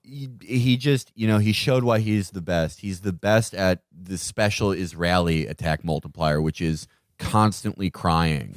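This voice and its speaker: A man's voice: deep voice, very animated, slow pace, no room sound, studio quality. A man co-hosting a podcast, riffing in a mocking, sardonic way about politics. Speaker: podcast co-host. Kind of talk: casual political banter.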